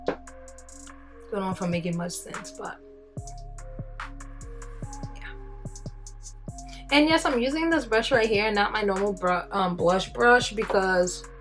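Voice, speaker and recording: A chatty woman talks through her makeup routine in a loose, rambling way. Her voice sits in an ordinary middle pitch, and faint music plays behind her. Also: animated, slow pace, pauses often, fairly bright tone. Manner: chatty, rambling, with fillers and self-deprecating asides. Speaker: beauty vlogger. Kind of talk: casual makeup tutorial chat.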